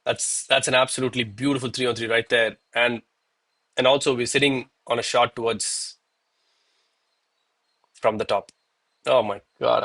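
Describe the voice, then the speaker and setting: A man's voice: mid-range voice, steady tone, moderate pace, creaky, long pauses, bright, forceful tone. Guy livestreaming trades, annoyed at himself, says bro and man a lot. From South India. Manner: self-critical and exasperated, peppers talk with "bro" and "man". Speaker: live-streaming gold trader. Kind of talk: live trading stream commentary.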